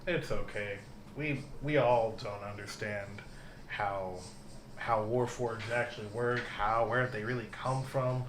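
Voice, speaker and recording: A man's voice: on the low side, steady tone, takes it slowly, reverberant, noisy background. Easygoing man running a tabletop game. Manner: easygoing, rambling with restarts. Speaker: game master.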